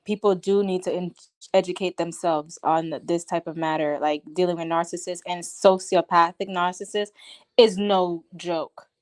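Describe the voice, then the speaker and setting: Animated indignant woman host. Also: on the low side. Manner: animated, indignant, talks fast in bursts. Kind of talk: casual live-stream chat.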